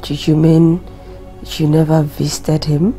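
A woman's voice: low-pitched, little pitch movement, unhurried, dark tone, soft background music. An actress playing a skeptical girlfriend who asks probing, incredulous questions. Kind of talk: film drama acting.

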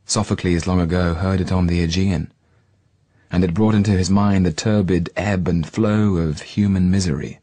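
A man with a deep, husky voice reads a poem slowly and solemnly, lingering on each word. The sound is dry and close. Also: fairly even intonation, dark tone, no echo. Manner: slow, solemn, lingering on words. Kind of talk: poetry reading.

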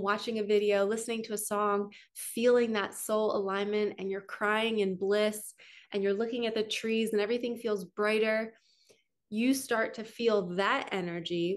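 A middle-aged woman, a spiritual coach, giving an earnest, flowing teaching monologue with lots of repetition. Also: mid-range voice.

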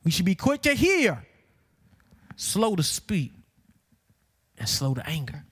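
Southern male pastor with a high voice and a country twang, preacherly sermon delivery that rises to shouts. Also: huge pitch swings, slow, husky. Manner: preacherly, building to shouted emphasis, says y'all.

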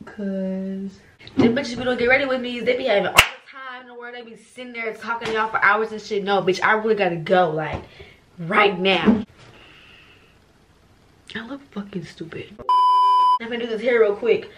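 A woman's voice: fairly high pitch, a little fast, very noisy. A young woman, vlogging casually and profanely to viewers while getting ready at home, self-mocking and frank. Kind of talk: get-ready-with-me vlog.

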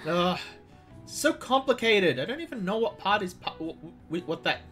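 Male streamer, animated, chatty, jokey, stumbles over words, faint music behind. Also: high-pitched, moderate pace. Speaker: let's play streamer. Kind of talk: casual game commentary.

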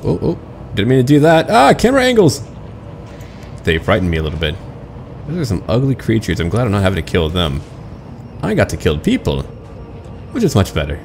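A man casually commenting on his online role-playing game, chatty and self-mocking about getting lost. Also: low voice. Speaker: gaming channel host.

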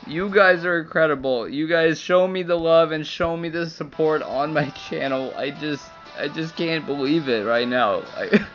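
A man's voice: fairly high pitch, a bit bright. A young man livestreaming, crying and laughing as he thanks viewers for their support. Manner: overjoyed, laughing and tearful, breathless thanks. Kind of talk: excited livestream commentary. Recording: dull lo-fi stream audio with faint music.

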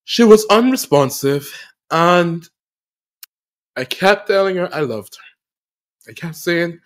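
A man hosting a podcast, telling a personal story of loss in an emotional, halting way, often repeating phrases, with earnest faith. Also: high-pitched, lively intonation. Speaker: podcast host.

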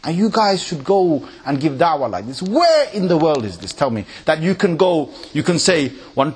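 A man giving a lively lecture to an audience in a mosque, chanting Arabic recitation and mimicking tunes with big pitch jumps. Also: moderate pace, hardly any pauses, slightly rough. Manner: recites Quran in Arabic in varied melodies. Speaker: Islamic preacher.

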